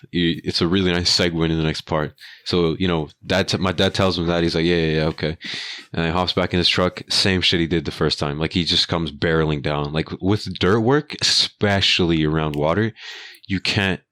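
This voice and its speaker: A young man co-hosting a podcast, telling an animated, profane story in casual chat and acting out the people in it. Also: deep voice, normal speed, no room sound. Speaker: podcast co-host.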